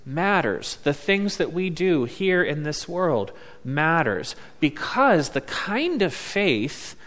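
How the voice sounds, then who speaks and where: A man preaching a sermon as a pastor, slow and deliberate, leaning on words with emphatic pauses. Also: on the high side, fairly bright tone. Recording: long reverb of a large hall.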